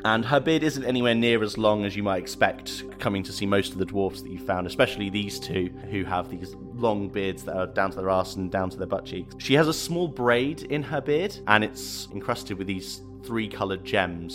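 Low-voiced game master narrating. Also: male voice, normal speed, few pauses, over music. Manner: laughing, casual narration.

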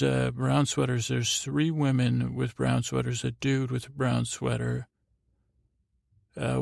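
A man's voice: medium pitch, gravelly, darkish tone, dry recording, studio quality. A man hosting a sleep podcast, rambling through a show recap in a meandering, self-deprecating way. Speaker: podcast host.

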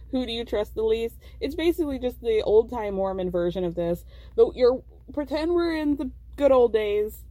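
A woman's voice: on the high side, warm tone, no room sound. Giggly woman recapping reality TV. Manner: chatty, giggly, mimics cast members in quotes. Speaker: podcast host.

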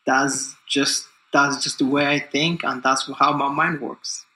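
Upbeat, confident man with a bright voice. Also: mid-range voice, flat delivery, measured pace. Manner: confident and upbeat, loose and rambling with many fillers. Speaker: guest, distance runner. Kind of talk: casual interview talk. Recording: echoey room.

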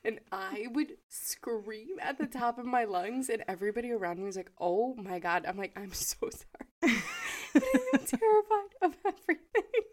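A young adult woman co-hosting a casual podcast, expressive and jokey, and she swears freely. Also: fairly high pitch, moderate pace, hardly any pauses. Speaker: podcast co-host. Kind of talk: casual chat.

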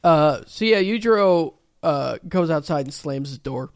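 Slow laid-back podcast dude recapping an anime, dry close sound, keeps laughing. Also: male voice, fairly high pitch, lively intonation, clean tone, no echo. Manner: laughs often while retelling scenes, acts out quotes. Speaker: podcast co-host recapping episodes. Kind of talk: casual chat.

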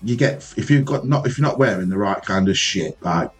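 Sweary low-voiced man telling a story. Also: expressive, a little fast, soft background music. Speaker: podcast co-host. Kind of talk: casual storytelling chat.

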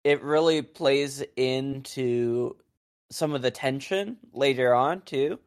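A man's voice: medium pitch, takes it slowly, smooth. A man co-hosting a podcast, chiming in with agreeable enthusiasm about a film. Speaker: podcast co-host. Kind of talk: casual film discussion.

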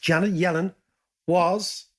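This man's voice sits high, and he takes it slowly while hosting a podcast. Chatting casually with a co-host, he's lively and jokey, telling animated stories.

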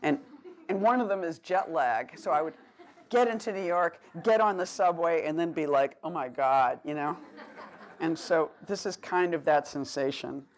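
A middle-aged woman from Boston reads her poetry aloud, and her Boston accent comes through clearly. She declaims the verse, then talks between poems in a halting, meandering way, full of "like" and "um.". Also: on the low side. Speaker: poet. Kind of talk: live poetry reading with chat between poems.

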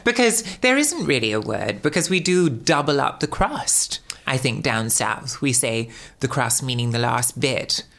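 A man's voice: mid-range voice, lively intonation, unhurried, creaky, hardly any pauses, fairly bright tone. A male podcast host interviewing a guest in a flowery, theatrical way of speaking. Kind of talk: conversational interview.

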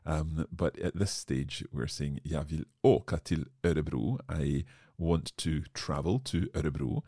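Deep-voiced joking male lesson host. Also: measured pace, mellow, no room sound, clean studio sound. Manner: self-deprecating, joking. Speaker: podcast host learning Swedish. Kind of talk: language lesson chat.

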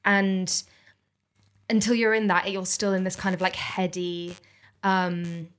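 A woman hosting a podcast in casual chat, candid and sweary, quick to laugh. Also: lowish voice, flat delivery. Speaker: podcast host.

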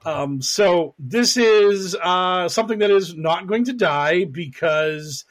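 A man's voice: high voice, slow. A young man chatting on a podcast, rambling and joking, laughing often. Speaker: podcast co-host. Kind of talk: casual podcast chat.

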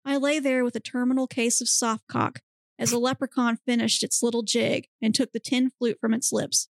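A woman hosting a podcast, reading a comic erotic story aloud in a steady, deadpan manner. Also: on the high side, normal speed, gravelly, dry recording, clean studio sound. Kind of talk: dramatic reading of erotic fiction.

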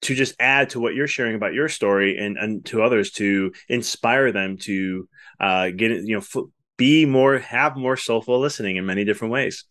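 An earnest man hosting a podcast, with a voice that sits somewhat low. He talks in a rambling, effusive way and piles praise onto his points as he goes. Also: normal speed, fairly bright tone. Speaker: podcast host. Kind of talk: casual interview talk.

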